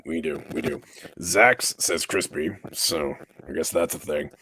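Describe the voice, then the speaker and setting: A man's voice: extremely low pitch, measured pace, pushed and bright, a little hiss or hum. A man hosting a casual chat show, asking questions and running a poll with his co-hosts. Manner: chatty, runs a poll and asks questions. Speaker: podcast host.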